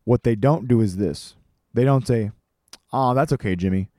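A man voices an irascible 78-year-old baseball coach, gruffly lecturing and bellowing questions at a crowd of coaches. His delivery is medium-pitched and warm at normal speed, close to an everyday voice, recorded with studio quality and no room sound.

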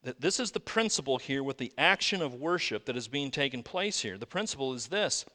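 Pastor, male, high-ish voice with wide pitch swings, rhetorical sermon delivery, recorded in a reverberant sanctuary. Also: brisk. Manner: lively preaching with rhetorical questions. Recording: long reverb of a large room.

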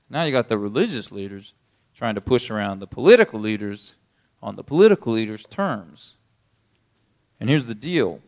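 A man's voice: medium pitch, big pitch swings, a little fast. A man preaching a sermon, explaining a scripture passage in a casual, conversational way and rising to emphatic points. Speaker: pastor.

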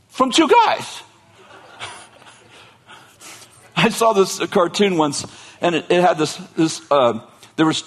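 A man preaching a sermon, retelling a story in a casual, joking way, laughing often and breaking into asides and restarts. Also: sits high. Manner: animated, joking, laughs often between lines. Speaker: pastor.

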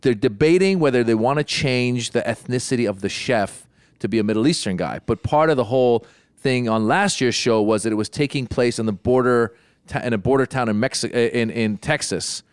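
A man's voice: medium pitch, brisk, smooth, no room sound. A middle-aged man in casual chat, telling a long story and often restarting his sentences. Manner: rambling storyteller, many restarts. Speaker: podcast co-host.

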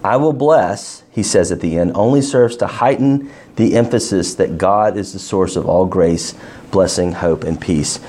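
A man leading an interactive Bible study, asking his class questions and stressing key words with animated emphasis. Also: sits low, unhurried, breathy edge.

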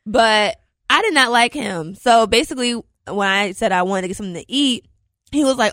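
A woman's voice: on the high side, lively intonation, brisk, a bit bright, dry recording, studio quality. A woman in her twenties in casual chat, blunt and profane, telling dramatic stories. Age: 20s.

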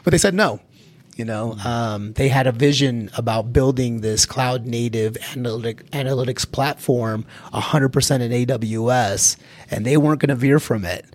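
A middle-aged man from Colorado recounts his career in a relaxed interview. He talks in a lively, easygoing way, laughs often and repeats a word or two as he gets going. His voice sits at an ordinary pitch. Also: moderate pace. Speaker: guest, security executive. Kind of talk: casual career storytelling.

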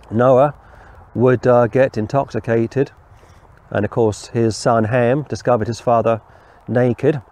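A man's voice: medium pitch, dark tone, dry recording. A man giving an informal Bible teaching in a rambling, conversational way, with asides and restarts. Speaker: preacher.

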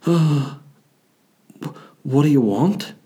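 A man's voice: a little high, lively intonation, slow, darkish tone, pitched above the performer's own voice. A man voicing a blunt, petty thieving ghost in an offhand, grumbling mock voice.

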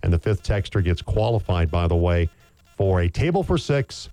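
A man's voice: low voice, big pitch swings, normal speed, dark tone, no room sound, faint music behind. A man hosting a sports radio show, chatting casually, repeating himself and laughing easily.

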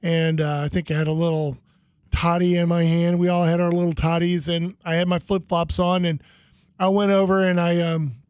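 A man telling a long anecdote in casual chat, animated and acting out the voices of people in the story. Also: on the high side, moderate pace, clean tone, no room sound, studio quality.

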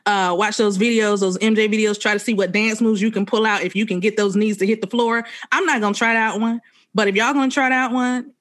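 A woman co-hosting a podcast, talking in a chatty, animated, joking way. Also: medium pitch, brisk. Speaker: podcast co-host. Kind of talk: casual chat.

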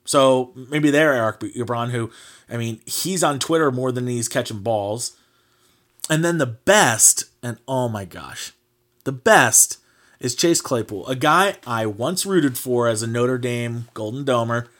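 A man hosting a casual sports podcast, talking at an ordinary middle pitch. He rants in a heated, mocking way and swears freely. His sentences are loose and packed with fillers. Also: lively intonation, unhurried, a bit bright. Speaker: podcast host.

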